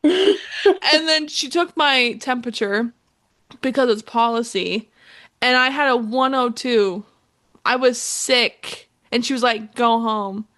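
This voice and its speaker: A woman's voice: fairly high pitch, takes it slowly, fairly bright tone. A young woman co-hosting a podcast, telling a story in a rambling, casual way full of fillers. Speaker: podcast co-host. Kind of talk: casual chat.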